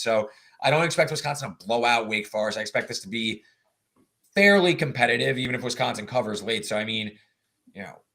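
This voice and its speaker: A man's voice: mid-range voice, pushed and bright. Male betting analyst, mid-range voice, casual, walks through stats. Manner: talks through stats and numbers at length with many fillers. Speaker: sports betting analyst co-host. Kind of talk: casual betting podcast chat.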